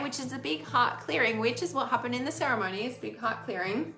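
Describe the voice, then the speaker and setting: A chatty woman giving a casual oracle card reading, rambling along with plenty of "like" and frequent laughter. Her voice sits a little high and sounds bright and forceful. The room is echoey, with soft music underneath. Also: lively intonation, quick pace, vocal fry.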